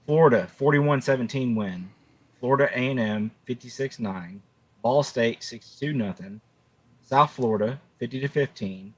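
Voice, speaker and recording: Husky man rattling off football scores. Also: medium pitch, normal speed, poor audio. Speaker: panelist. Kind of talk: casual sports talk. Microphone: remote call mic.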